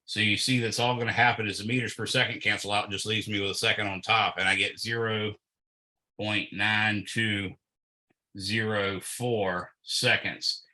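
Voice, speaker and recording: Slow, methodical low-voiced male tutor. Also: sharp tone, poor audio. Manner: slow and methodical, thinking aloud with fillers. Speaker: physics tutor. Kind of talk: working through a problem aloud.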